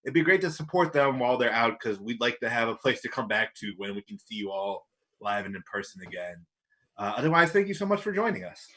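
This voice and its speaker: A man's voice: medium pitch, sing-song, fast, bright, forceful tone. A man co-hosting an online comedy show over a video call, talking in an easygoing, laid-back way. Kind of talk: casual online comedy chat.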